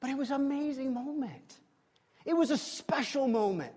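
A man preaching a sermon in a church, emphatic, swinging from loud exclamations to quiet, confiding asides. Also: very high-pitched, expressive, normal speed, slightly rough. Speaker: pastor. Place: church sanctuary. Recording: long reverb of a large hall.

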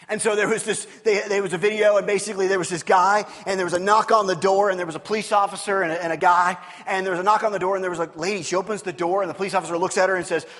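A man preaching a sermon as pastor, telling stories with animated swings between loud emphasis and hushed, quiet passages. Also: high voice, big-room sound.

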